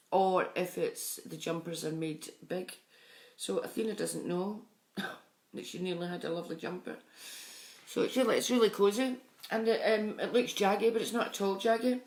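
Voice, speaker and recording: A middle-aged woman, chatting on a live stream and warmly greeting viewers by name. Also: medium pitch. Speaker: psychic medium streaming live. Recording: echoey room sound.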